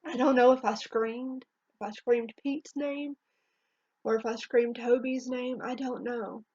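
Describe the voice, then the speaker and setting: A woman telling a painful personal story in a halting, emotional way, her voice trembling near tears, in a dull lo-fi home recording. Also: fairly high pitch, fairly even intonation, darkish tone, husky. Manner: halting, emotional, with restarts and long pauses. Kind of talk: personal spoken testimony.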